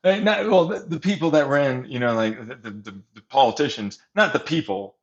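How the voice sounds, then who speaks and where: A man's voice: mid-range voice, moderate pace, lo-fi sound. A man in a casual, rambling rant, swearing often and laughing between points. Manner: profane, laughing, animated ranting.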